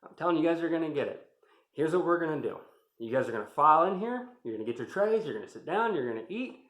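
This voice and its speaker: A man's voice: fairly high pitch, very animated, fast, fairly bright tone. A man quoting a stern male drill sergeant who firmly lays out orders to recruits, in a roomy-sounding space. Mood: threatening. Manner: firm, laying out orders. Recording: roomy echo.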